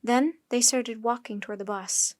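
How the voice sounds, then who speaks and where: A woman's voice: a little high, normal speed, no room sound, studio quality. Woman reading a children's chapter book. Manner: steady, clear narration. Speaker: storyteller.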